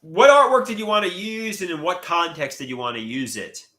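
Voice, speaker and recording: A man's voice: sits high, brisk, bright, forceful tone. A man in his thirties hosting a casual live stream, chatting and reading viewer comments aloud, often stammering and restarting. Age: 30s. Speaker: livestream host.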